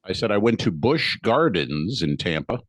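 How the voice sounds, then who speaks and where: Blunt low-voiced man teasing on a podcast. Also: big pitch swings, moderate pace, a bit bright, no room sound, clean studio sound. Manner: blunt, teasing, sweary banter. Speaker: podcast co-host. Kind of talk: casual comedy chat. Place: home in Tampa area. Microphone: video call.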